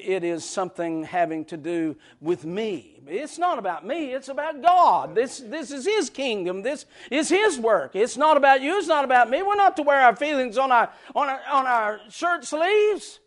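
A man preaching a sermon as pastor, impassioned, repeating phrases and building up to shouting. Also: high-pitched.

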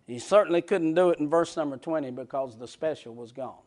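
A man preaching a sermon as pastor, impassioned, repeating phrases and building up to shouting. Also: on the high side, brisk.

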